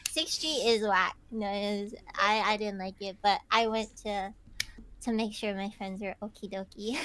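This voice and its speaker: A young woman hosting a casual podcast, telling stories in an animated, giggly way with lots of "like". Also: mid-range voice, normal speed. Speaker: podcast host.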